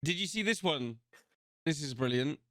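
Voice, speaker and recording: A man's voice: on the high side, moderate pace, no room sound, clean studio sound. A man hosting a podcast, reacting to video clips in casual, sweary chat. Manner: sweary, excitable, playing clips. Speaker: podcast host.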